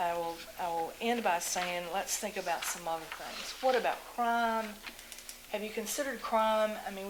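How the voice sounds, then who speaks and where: A woman's voice: medium pitch, background noise. A woman speaking as a local resident during public comment at a town council meeting, emotional and pressing with rhetorical questions.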